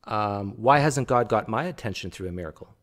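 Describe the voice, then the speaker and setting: Brisk and fairly low-pitched with lively intonation, a man reacts to clips on video, arguing casually and talking straight back to the speaker on screen.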